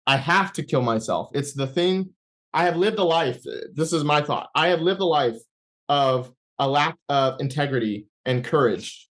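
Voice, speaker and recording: A man's voice: a little high, expressive, moderate pace, fairly bright tone. Man telling his faith story. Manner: rambling storytelling with restarts, acting out his own thoughts. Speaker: interview guest. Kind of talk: personal faith testimony.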